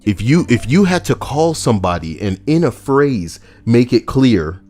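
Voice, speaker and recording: A man's voice: medium pitch, sing-song, unhurried, a little mellow. A young man hosting a casual commentary video, rambling, cursing and joking, and sometimes arguing with himself. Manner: rambling, profane, jokey, talks to himself. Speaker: channel host.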